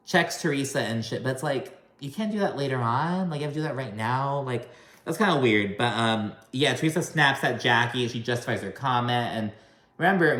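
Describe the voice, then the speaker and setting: A man's voice: medium pitch, a bit bright. Profane, gossipy man in a roomy space. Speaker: reality TV recap host. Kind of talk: casual video recap commentary.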